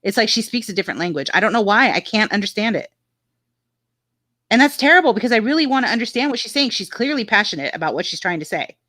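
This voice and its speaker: A woman's voice: medium pitch, sing-song, fast, pushed and bright, no echo, studio quality. A woman casually chatting on a livestream, frank and talkative, reading viewer comments aloud. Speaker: livestream co-host reading chat.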